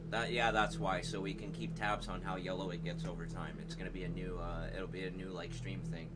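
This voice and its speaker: A male streamer reacting to messages on a live stream, blunt and profane, quick to laugh. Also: low voice, level tone, very noisy.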